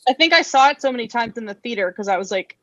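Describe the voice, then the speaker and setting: A woman in her twenties talking as a podcast guest, with a somewhat high voice. She is chatty and self-deprecating and says "like" often. The sound is dry and close. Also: animated, fast, a bit bright, no room sound, dull audio. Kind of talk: casual podcast chat.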